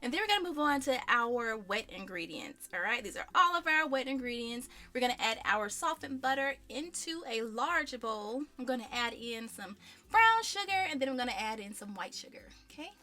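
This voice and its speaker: Bright, chatty woman hosting a cooking show. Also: a little high, big pitch swings, moderate pace. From American South. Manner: chatty, friendly asides to viewers. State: out of breath. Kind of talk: casual cooking demonstration.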